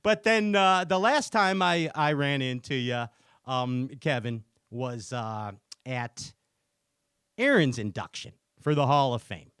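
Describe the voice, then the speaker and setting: A man's voice: mid-range voice, animated, slow pace, a bit bright, smooth, no room sound, studio quality. A man hosting a casual podcast interview, telling stories animatedly and laughing often. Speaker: podcast host.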